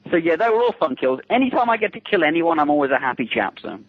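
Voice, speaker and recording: An English man, a special effects makeup artist, telling lively anecdotes as a guest in a casual phone interview, acting out quotes and laughing often. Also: on the high side, fast talker, a little hiss or hum. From England. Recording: tinny phone line, dry.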